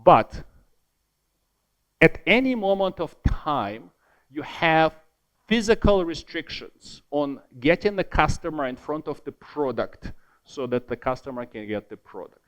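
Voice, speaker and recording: A man giving an academic conference keynote, lively and emphatic, repeating words for stress and adding joking, self-deprecating asides. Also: on the high side, a little slow. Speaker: keynote speaker.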